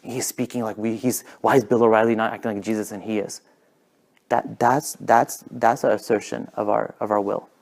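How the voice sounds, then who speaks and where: A man telling stories in a casual talk, talking fast and animated, sometimes dropping to a whisper for effect. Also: fairly low pitch, creaky. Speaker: guest speaker.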